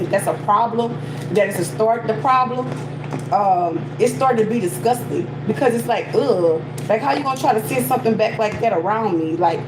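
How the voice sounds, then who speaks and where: In a noisy, echoey space, a woman with a medium-pitched voice chats bluntly and casually as she gets ready, offering spiritual readings and repeating phrases for emphasis. It's a laid-back get-ready-with-me talk.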